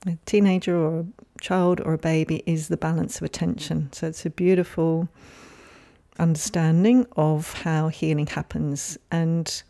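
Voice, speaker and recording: A woman hosting a solo podcast, speaking in a gentle, caring and reflective way. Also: fairly low pitch, creaky. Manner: gentle, soft-spoken, caring. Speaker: podcast host.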